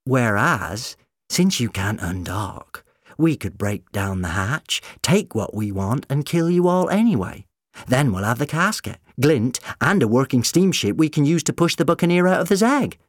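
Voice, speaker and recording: A man voicing a blunt, tough female pirate captain in a storybook reading, speaking slowly and flatly. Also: mid-range voice, no room sound, clean studio sound, pitched above the performer's own voice. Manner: blunt, deliberate.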